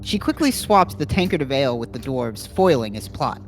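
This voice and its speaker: Low-voiced woman, dry and low-key. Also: big pitch swings, moderate pace, soft background music. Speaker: game player. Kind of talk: casual play, reading her turn aloud.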